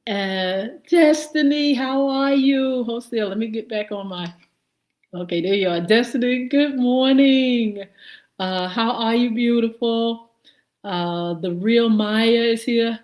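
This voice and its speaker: Female live-stream host, unhurried, chatty greetings, roomy echo. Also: mid-range voice, fairly even intonation. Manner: warm greetings to viewers, many fillers. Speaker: morning show host. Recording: echoey room.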